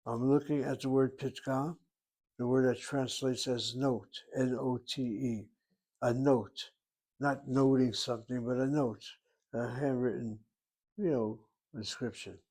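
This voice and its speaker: A man teaching a language lesson, patiently explaining and repeating words slowly so learners catch the pronunciation. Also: medium pitch, steady tone, darkish tone. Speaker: Hebrew teacher.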